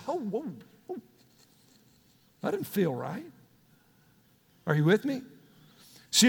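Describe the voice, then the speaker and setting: A middle-aged man preaching a sermon in a folksy, emphatic way, breaking into sudden shouts. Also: high voice. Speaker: pastor. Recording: long hall reverb.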